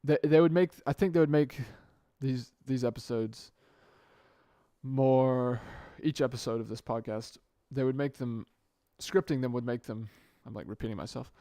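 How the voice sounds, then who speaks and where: A young podcast host rambles off the cuff through a casual solo monologue on a good microphone, often restarting or correcting himself mid-sentence. His medium-pitched voice is warm at a moderate pace, with clean studio sound and no room sound.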